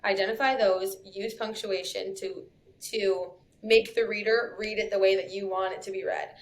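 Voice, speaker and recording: A woman's voice: medium pitch, level tone, normal speed, slight background noise. Chatty woman, podcast guest. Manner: chatty, laughs often, lots of "you know" and "like". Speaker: copywriter guest. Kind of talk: casual podcast chat.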